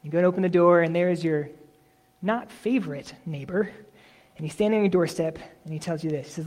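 A man preaching a sermon in a relaxed, conversational way, often acting out imagined replies. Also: a little high, brisk. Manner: conversational, self-correcting, uses imagined dialogue. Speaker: pastor.

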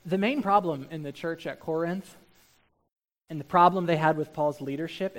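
A male pastor with a voice on the high side preaches a sermon, moving between quiet, reflective asides and loud, emphatic passages.

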